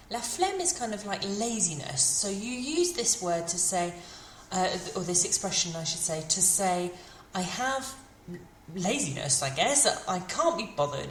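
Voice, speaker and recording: A woman, teaching beginners French idioms and repeating each phrase slowly. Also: fairly low pitch, big pitch swings, reverberant, slight background noise. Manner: slow, carefully modelled French phrases between English explanations. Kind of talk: beginner language lesson.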